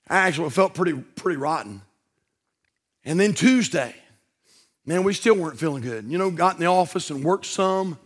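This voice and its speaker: Male preacher, high voice, chatty and homespun, swells into fiery emphasis. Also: a bit bright. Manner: folksy, conversational preaching with rising intensity. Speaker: pastor. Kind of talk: sermon.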